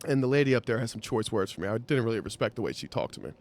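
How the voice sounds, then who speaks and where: A man hosting a podcast, telling a wry anecdote in an animated, profane way. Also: mid-range voice, rapid-fire. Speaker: podcast host. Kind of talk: storytelling anecdote.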